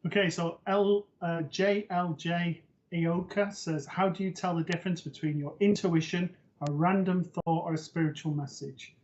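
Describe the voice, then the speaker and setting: A man's voice: sits high, steady tone, moderate pace, few pauses, highs cut off. A man co-hosting a live psychic show, reading out viewer greetings and questions with a teasing manner. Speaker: psychic medium co-host.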